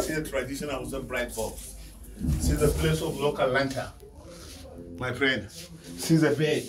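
A man leading a guided museum tour in broken English, often checking whether his listener understands. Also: mid-range voice. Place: indoor museum galleries.

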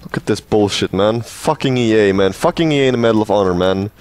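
A man's voice: lowish voice, quick pace, a little mellow. A man giving a profane, sarcastic rant as gameplay commentary, mocking the game he is playing. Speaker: gaming channel host.

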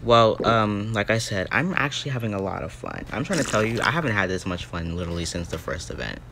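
A man's voice: on the low side, animated, quick pace, noisy background. A young man giving dramatic, easily startled commentary on a mobile game as he plays. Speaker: gaming YouTuber.

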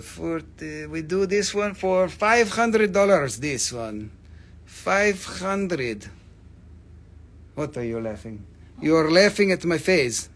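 A man's voice: on the high side, creaky, a bit bright. A man hosting a live crystal sale, joking and teasing viewers, swearing freely and acting out mock despair over his own discounts. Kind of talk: joking live sales chat.

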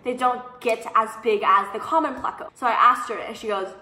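Bright, animated young woman telling stories. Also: a little high, fairly quick. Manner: animated and sassy, mimics people she quotes. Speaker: vlogger. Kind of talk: casual storytime chat. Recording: echoey room, faint background music.

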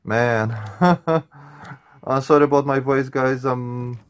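A man's voice: mid-range voice, slow, clean tone. A man doing reaction commentary on a horror game, jumpy and on edge, swearing often and addressing viewers as man and guys. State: nervous, on edge. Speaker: gaming channel host.

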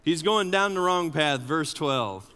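A man preaching a sermon as an associate pastor, animated and often asking the congregation questions. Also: on the high side, measured pace, a little hiss or hum. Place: church sanctuary. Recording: long church reverb.

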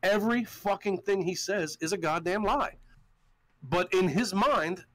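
A man's voice: high voice, a little slow, dry recording, poor audio. A man hosting a podcast, ranting in a heated, profane, storytelling way. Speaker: show host. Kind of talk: casual podcast rant.

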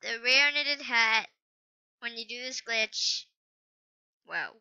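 A woman chats her way through an online game in an unhurried, rambling, hesitant manner, often stopping to apologise. Her voice sits a little high and sounds very bright and clean. The lo-fi computer mic dulls it slightly. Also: expressive, smooth. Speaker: gaming channel host. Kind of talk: casual gameplay commentary.

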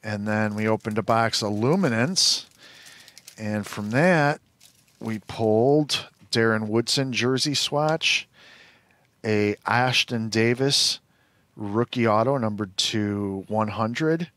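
A man's voice: lowish voice, takes it slowly, a bit bright, dry recording. A man co-hosting a live trading card show, reading out card pulls in an upbeat, casual way. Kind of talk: live card box break chat.

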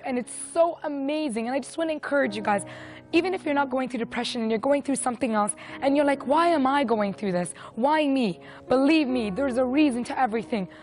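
A woman in her twenties giving an earnest, emotional personal faith testimony. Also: on the high side. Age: 20s. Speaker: testimony speaker.

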